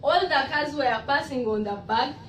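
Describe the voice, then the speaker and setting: A woman with a fairly high voice quietly tells her testimony in earnest. She is far from the mic in an echoing church hall, with noise underneath. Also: normal speed. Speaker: church member giving testimony. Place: church hall in Abu Dhabi.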